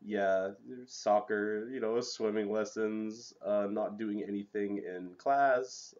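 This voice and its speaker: A young man hosting a casual podcast chat, relaxed and rambling, with lots of fillers. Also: on the low side, slow pace, dull audio. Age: young adult. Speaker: podcast host.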